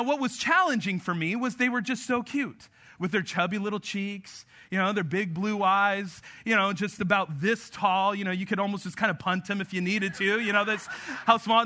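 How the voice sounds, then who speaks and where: A man's voice: sits high, pushed and bright. A man in his thirties preaching a sermon, talking with the congregation in a conversational, joking way. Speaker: pastor.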